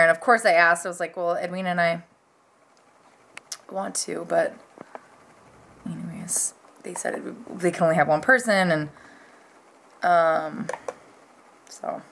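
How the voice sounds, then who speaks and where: A woman's voice: fairly low pitch, fairly bright tone. A young woman vlogging at home, chatting casually and rambling from topic to topic. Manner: bubbly, rambling, talks to her dogs in a baby voice. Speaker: fitness vlogger. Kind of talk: casual vlog chat to camera.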